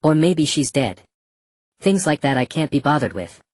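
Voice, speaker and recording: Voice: mid-range voice, very animated, moderate pace, darkish tone, no echo, clean studio sound. A narrator voicing a cruel, mocking male slave trader in a black robe, speaking casually and scornfully. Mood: cold mockery. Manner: casual, scornful, matter-of-fact.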